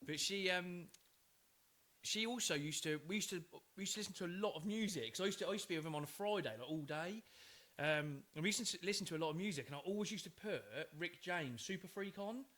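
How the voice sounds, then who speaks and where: A man's voice: high-pitched, quick pace. A man, co-hosting a casual podcast chat and telling anecdotes about his children. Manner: chatty, relaxed anecdotes with frequent fillers. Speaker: podcast co-host.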